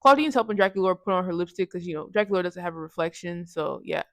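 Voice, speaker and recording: The recording is dry, and this woman's lowish, slightly bright voice sounds animated as she races through a movie recap for her review channel. It's a casual, rambling take full of slang, with frequent self-corrections, restarts and laughter.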